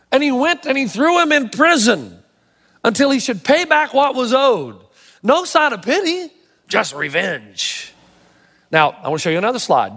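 A male pastor preaching with animated, emphatic storytelling. His voice is notably high for a man. It carries a long reverb from a church hall. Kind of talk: sermon.

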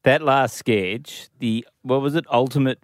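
A man's voice: medium pitch, a little slow, dry recording, studio quality. An Australian man co-hosting a radio comedy show, earnest and fond of corny jokes. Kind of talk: radio banter. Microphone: studio mic.

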